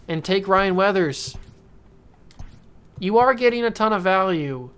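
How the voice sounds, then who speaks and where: A man's voice: high-pitched, animated, unhurried, long pauses, a bit bright, clean tone. Man chatting over a baseball game. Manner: talks to himself and the game, coaxing and joking. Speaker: gaming YouTuber. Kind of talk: casual let's-play commentary.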